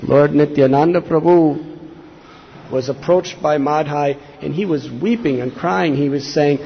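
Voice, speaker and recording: Speaking unhurriedly in a higher-leaning voice with vocal fry, a man preaches a devotional sermon as a monk. Earnest scripture stories and quoted lines delivered with mounting intensity come through a slightly dull, faintly noisy lo-fi recording.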